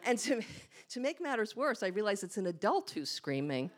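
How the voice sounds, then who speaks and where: A woman tells a personal story on stage to a live audience in a small hall. Her voice sits at an ordinary middle pitch, and she is candid and self-mocking as she acts out her own thoughts. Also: big pitch swings, moderate pace.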